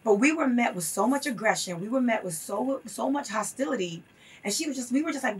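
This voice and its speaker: A woman's voice: fairly high pitch, lively intonation, brisk, breathy edge. A woman guest on a talk show, telling her story earnestly and with emphasis. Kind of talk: interview conversation. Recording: voice from a distance off the mic.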